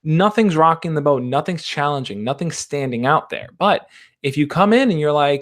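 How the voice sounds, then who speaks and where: A young man hosting a livestream, reading out viewer questions and answering them in a relaxed, reassuring way. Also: a little high, moderate pace. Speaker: dating advice host. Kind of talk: casual livestream chat.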